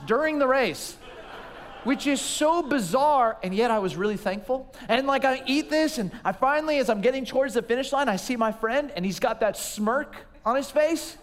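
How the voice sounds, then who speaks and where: A man's voice: very high voice, lively intonation, normal speed, a bit bright. A man preaching a sermon, telling stories about himself with self-deprecating humor. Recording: long reverb of a large hall.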